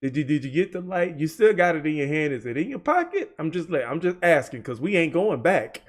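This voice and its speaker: Animated high-voiced male reaction host. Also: a little fast. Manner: animated, joking, rambling asides. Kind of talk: casual reaction commentary.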